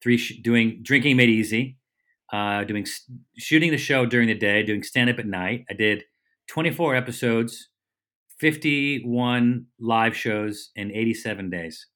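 A middle-aged man with a bright, forceful voice, chatting as a guest on a podcast. He tells his stories in a lively, rambling way and corrects himself as he goes, like a comedian at ease. His pitch sits in an ordinary middle range for a man. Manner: lively, rambling storyteller with quick self-corrections. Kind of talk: casual anecdotal storytelling.

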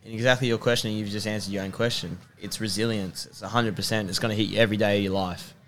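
Young guy, emphatic pep-talker, quick delivery, slightly low voice. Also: fairly even intonation, fairly bright tone. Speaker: podcast guest, personal trainer and rugby player. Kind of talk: motivational casual chat.

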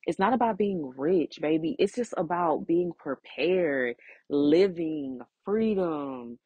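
Woman, podcast host, low voice, emotional and near tears, heartfelt and emphatic, dull lo-fi sound. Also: expressive, slow, warm tone, slightly rough, no room sound. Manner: heartfelt, emphatic, repeats phrases. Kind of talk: solo podcast monologue.

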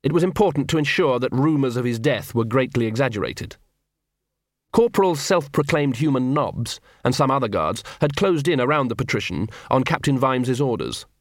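Male narrator, wry and expressive, animated delivery, dead dry booth. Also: medium pitch, normal speed, dry recording. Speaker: audiobook narrator. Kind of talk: audiobook narration.

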